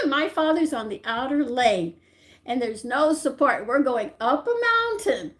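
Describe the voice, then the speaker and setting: An older woman telling family stories from her childhood in a rambling, animated way, often stopping to correct herself. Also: high-pitched, a little slow. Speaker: channel host. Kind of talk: personal storytelling.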